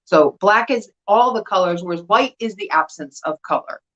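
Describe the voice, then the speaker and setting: Woman host, casual livestream chat, mid pitch, slightly dull lo-fi sound. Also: expressive, moderate pace, a bit bright. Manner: chatty, explanatory, with restarts and asides. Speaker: host of a live vintage sale.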